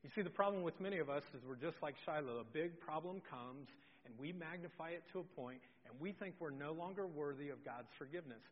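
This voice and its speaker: A middle-aged male pastor preaches with animated storytelling, dropping from loud to hushed and back. His voice sits high for a man. The sound is dull and rings in the long reverb of a church. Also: fairly quick, few pauses. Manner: animated, swinging from loud to very soft. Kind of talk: sermon with personal storytelling.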